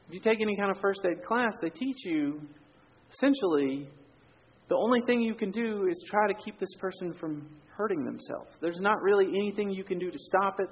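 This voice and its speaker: A man preaching a sermon in a casual, story-telling way, often dropping his voice low and quiet for emphasis. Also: breathy edge, dull audio. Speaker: pastor.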